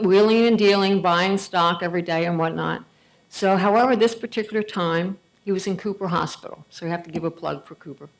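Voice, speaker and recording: Woman, middle-aged, lowish voice, conversational, tells anecdotes with quoted dialogue. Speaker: gala speaker. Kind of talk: storytelling speech.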